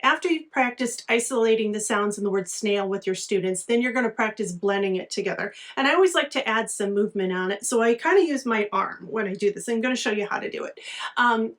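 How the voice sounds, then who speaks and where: Woman teacher, instructional video, patient and explanatory, mid-pitched. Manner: patient, explanatory, slows down to sound out words.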